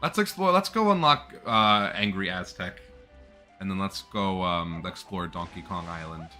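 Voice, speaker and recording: A man chatting and joking through a gameplay session in a bright, forward voice. His pitch sits a little low but swings widely. There is faint music underneath. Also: moderate pace. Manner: chatty, jokey, animated. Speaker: gameplay streamer. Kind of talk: casual gameplay commentary.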